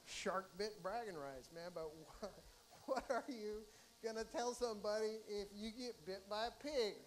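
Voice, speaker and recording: A middle-aged man doing a stand-up comedy set, with animated, mock-excited storytelling to a live audience. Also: high-pitched, measured pace, noisy background.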